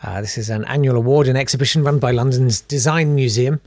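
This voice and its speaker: A man's voice: medium pitch, fast, no echo, studio quality. Sarcastic rambling man host. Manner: sarcastic, rambling, full of fillers. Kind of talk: casual news chat.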